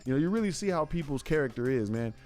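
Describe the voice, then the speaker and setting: A man's voice: on the high side, animated, quick pace, darkish tone, soft background music. A man giving earnest, reflective commentary on a podcast in casual slang.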